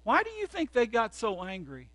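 A male pastor with a strikingly high, bright, forceful voice delivers a sermon. He tells his stories dramatically, swinging between loud outbursts and hushed asides. The recording is dry and close, with no room echo. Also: huge pitch swings, moderate pace.

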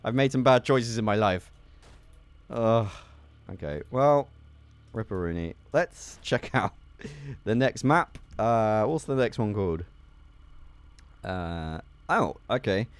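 A young man giving excitable gameplay commentary as a gaming video host, swearing and laughing at his mishaps. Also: on the low side, takes it slowly, long pauses, smooth, no echo. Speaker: gaming YouTuber.

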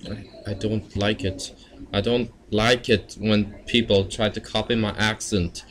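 A man performing a comedy sketch monologue, talking in a halting, hesitant way. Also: on the low side, little pitch movement, poor audio.

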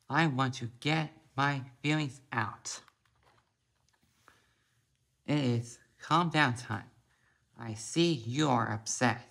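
A man reading a children's picture book aloud, slowly and haltingly, a few words at a time. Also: medium pitch, gravelly, bright, forceful tone. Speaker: storybook reader.

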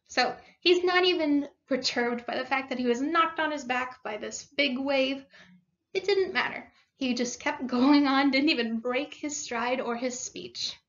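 A woman's voice: high-pitched, a bit bright, muffled recording. A woman teacher reading a story aloud to her class, stopping to explain words and what happens. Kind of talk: read-aloud lesson.

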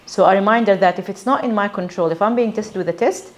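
A woman's voice: medium pitch, fast. A woman with an Australian accent giving a conversational religious talk to a gathering of women, asking them questions. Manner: conversational, animated, asks the audience questions. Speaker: religious teacher.

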